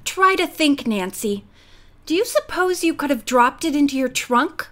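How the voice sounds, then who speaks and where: A woman's voice: sits high, lively intonation, normal speed, a bit bright, pitched above the performer's own voice. A woman reading as a fretful motherly housekeeper. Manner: doleful, worried fussing.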